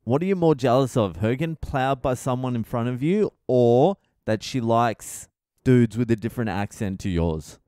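Brief: middle-aged Australian male comedian, rowdy foul-mouthed rant, smooth voice, close dry mic. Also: medium pitch, moderate pace, no room sound. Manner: profane, rowdy, animated rant. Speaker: podcast host, comedian. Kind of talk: casual comedic monologue.

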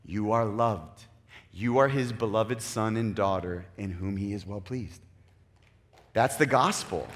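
A man preaching a sermon at a middle pitch, animated and expressive. He slips into quoted voices and moves between loud emphasis and quiet, hushed lines. A long reverb hangs behind him in the church hall. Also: a little hiss or hum. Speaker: pastor. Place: church sanctuary.

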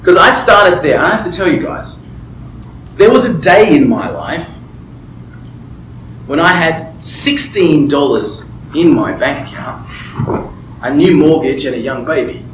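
Emphatic man, slightly high voice. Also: animated, a little slow, long pauses, a bit bright, roomy sound, slight background noise, poor audio. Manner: emphatic, keeps checking in with "right?"; candid personal storytelling. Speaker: business mentor. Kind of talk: motivational talk to a small group. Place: room with a table and a small group.

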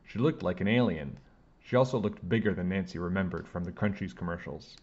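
Deep voiced guy reading a kids book out loud, expressive, muffled audio. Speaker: storybook reader. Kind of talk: reading a children's book aloud.

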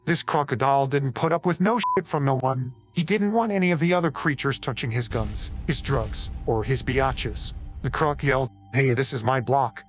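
A man's AI-cloned voice giving deadpan scripted storybook narration full of crude jokes. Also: medium pitch, moderate pace, soft background music.

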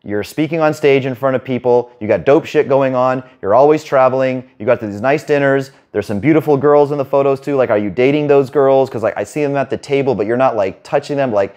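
A man working as a dating coach, talking fast and rambling in a casual monologue to camera, with some swearing. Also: medium pitch, a little mellow. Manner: rapid, rambling, casual with profanity.

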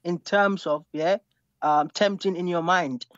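A man's voice: sits high, fairly even intonation, measured pace, slight background noise. A male caller arguing defensively in a religious debate, often laughing dismissively. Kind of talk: debating on a phone call. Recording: dry, dull phone-call audio.

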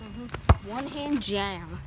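A woman's voice: medium pitch, animated, drawn-out words, very noisy. A woman filming outdoors by a basketball hoop, teasing and amused in casual chat. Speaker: person filming her dad shooting hoops.

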